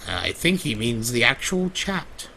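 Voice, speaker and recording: Here a man plays Discord again, that vain male chaos spirit with the darlings, drawling, and melodramatic sighs, answering questions live and fully in character. The delivery is medium-pitched, sing-song, and unhurried, gravelly and sharp with a slight hiss or hum, and deliberately exaggerated. Fussiness and bewilderment color the mood.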